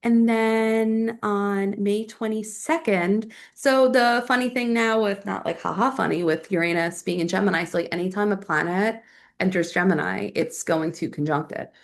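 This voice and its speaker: A woman's voice: medium pitch, fairly even intonation, moderate pace. A young adult woman hosting a solo astrology podcast, chatting casually and thinking aloud with lots of fillers.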